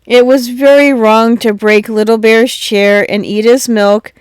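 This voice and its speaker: A woman reading a children's storybook aloud, gentle and measured. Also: a little high, steady tone, clear, resonant tone, no room sound, studio quality.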